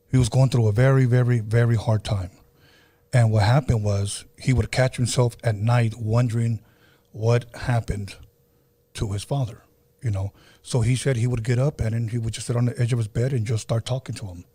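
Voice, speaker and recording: An earnest man hosting a podcast tells a story in a casual, chatty way, circling back over his own words. His voice is husky and mellow, recorded dry and close. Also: mid-range voice, no echo. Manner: earnest, repeats himself, acts out quoted voices. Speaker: podcast host.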